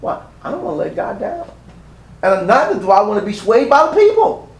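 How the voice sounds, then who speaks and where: A man's voice: high-pitched, huge pitch swings, fairly quick, reverberant, recorded from a distance, low-quality recording. A man preaching a sermon as pastor, building his points with emphasis and repetition.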